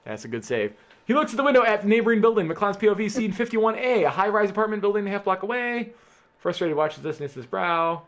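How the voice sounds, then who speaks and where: A man casually reading a film script aloud with friends, playful and often laughing. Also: fast talker. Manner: playful, laughing, animated with big pitch swings. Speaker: script reader.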